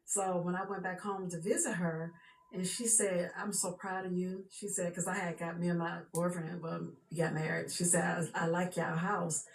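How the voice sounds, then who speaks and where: This woman's lowish voice stays level at a moderate pace as she chats through a personal story, repeatedly returning to "she said" and "for real." There's echo in the room and a faint hum of background noise.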